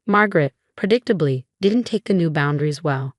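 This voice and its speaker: A woman giving calm, measured scripted first-person story narration. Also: low voice, dry recording, studio quality.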